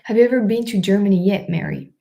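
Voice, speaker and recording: Young french woman chatting on a live stream, mellow tone, lots of likes and restarts. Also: medium pitch, quick pace. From France. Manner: chatty, many fillers and restarts, laughs often. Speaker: live stream host reading chat. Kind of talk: casual live stream chat.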